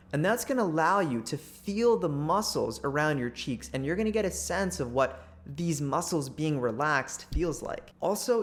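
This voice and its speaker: A channel host giving an instructional talk, speaking deliberately with crisply clipped word endings. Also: medium pitch.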